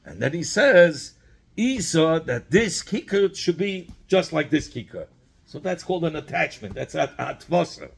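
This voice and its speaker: A man's voice: fairly high pitch, expressive, a little slow, vocal fry, breathy edge. A man teaching a Talmud study lesson, explaining by repeating phrases and asking questions, mixing in Hebrew and Yiddish terms.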